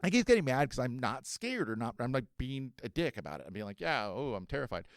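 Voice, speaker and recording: Profane, animated man in his forties. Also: mid-range voice, fast talker, dry recording. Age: 40s. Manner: profane, animated and self-mocking. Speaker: podcast host. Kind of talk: casual storytelling.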